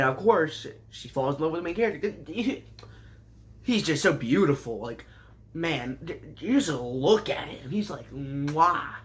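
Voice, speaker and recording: Sarcastic, rambling man recapping a show. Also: a little high. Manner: sarcastic, rambling, mocking asides. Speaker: show reviewer.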